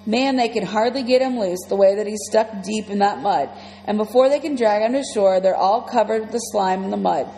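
A woman reading a first-person children's story aloud in a lively, breathless way. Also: mid-range voice, a little fast. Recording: long reverb, faint music.

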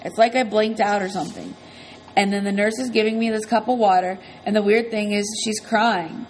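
A woman's voice: medium pitch, steady tone, brisk, slight background noise, poor audio. A woman narrating an audiobook in the first person, earnest and conversational.

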